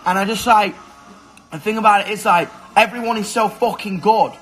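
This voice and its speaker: A young man, talking into a phone in his kitchen. His voice sits high and sounds bright and forceful, and he is excitable and swears freely. Faint music plays behind him. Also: normal speed, breathy edge, poor audio. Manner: excitable, swears a lot, shouts at friends. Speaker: musician hosting a livestream. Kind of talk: casual livestream chat. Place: kitchen at home. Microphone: phone camera.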